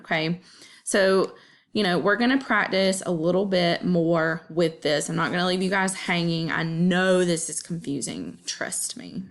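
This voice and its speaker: A woman's voice: on the low side, gravelly. A woman teacher explaining poetry meter in a casual, chatty way, often checking in with the listener.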